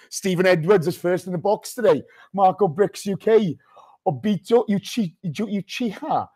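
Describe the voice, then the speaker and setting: A man hosting a live podcast stream, loud and excitable, swearing freely and reading out chat names over a video call. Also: sits high, measured pace. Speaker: podcast host.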